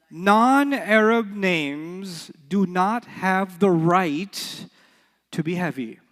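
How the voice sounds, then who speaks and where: A man teaching an Arabic class in a lively, playful way, joking and quizzing his students. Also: high-pitched. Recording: long hall reverb.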